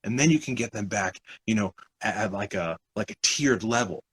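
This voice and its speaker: A man's voice: on the low side, normal speed, fairly bright tone, breathy edge, poor audio. A young man co-hosting a podcast, telling a story in casual chat, acting out other people's lines and swearing often. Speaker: podcast co-host.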